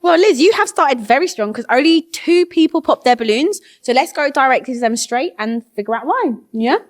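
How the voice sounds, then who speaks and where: A woman with a high, light voice hosts a televised dating show. She moves the contestants along with upbeat, guiding questions. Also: lively intonation, a little fast. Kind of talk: TV show hosting.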